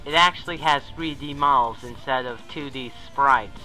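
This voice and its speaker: A man's voice: mid-range voice, moderate pace, pushed and bright, faint music behind, poor audio. A young man giving a casual countdown commentary in a chatty, rambling way, often correcting himself. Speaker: video commentator.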